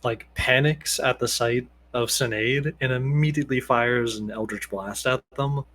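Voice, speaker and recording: A man's voice: mid-range voice, moderate pace, a bit bright, faint music behind. A man narrating as game master for a tabletop game, casual and rambling with many fillers.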